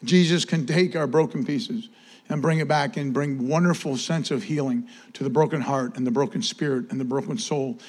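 A man, preaching a sermon and giving church announcements in an animated, casual way. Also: medium pitch. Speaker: pastor.

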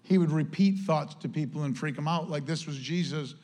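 A male pastor preaches in an earnest, conversational way, turning often to address the church directly. His voice sits fairly high for a man. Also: brisk, a little mellow. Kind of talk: sermon.

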